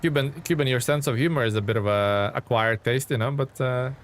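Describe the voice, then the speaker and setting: This medium-pitched gamer speaks briskly while streaming, chatting informally with his viewers. He meanders through his thoughts, frequently starting over, and addresses chat members by name. A little background noise is present.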